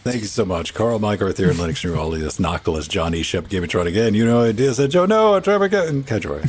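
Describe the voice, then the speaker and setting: A man's voice: lowish voice, big pitch swings, quick pace, breathy edge. A man hosting a live podcast, joking around in a crude, profane way. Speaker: podcast host. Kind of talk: casual live podcast banter.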